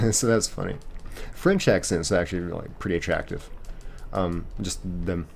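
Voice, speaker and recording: A man's voice: low voice, unhurried, creaky, faint music behind. A man chatting casually on a live game stream, rambling as he reads and answers chat messages. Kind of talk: casual chat while gaming.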